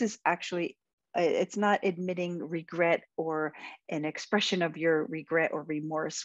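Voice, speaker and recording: A woman's voice: medium pitch, no room sound, dull audio. A woman speaking coach giving a direct-to-camera tip, encouraging and emphatic, acting out sample phrases.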